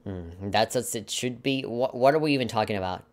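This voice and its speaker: A fairly low-pitched, slightly mellow male voice that runs fairly quick. The speaker is a let's play commentator who reads out a video game's story text and mocks it, his asides sarcastic, mock-dramatic and punctuated by chuckles.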